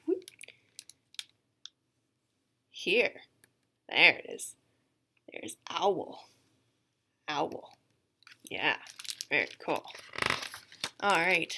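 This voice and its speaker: A woman, a museum educator, reading a picture book aloud to young English learners, animated and repetitive, sometimes dropping to a soft whisper. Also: mid-range voice, very slow, pauses often, breathy edge.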